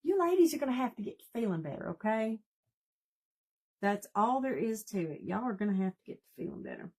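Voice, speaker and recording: Working in her home craft room, a Southern US woman hosts a casual live craft demonstration, greeting viewers by name in a folksy, chatty way. Her voice sits on the high side, sing-song and brisk, with a slightly mellow quality.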